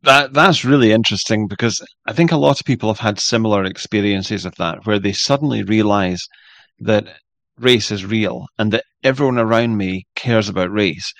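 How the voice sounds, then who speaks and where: A man's voice: fairly low pitch, moderate pace, a bit bright, no echo. A man hosting a casual interview, speaking reflectively and often restarting his sentences.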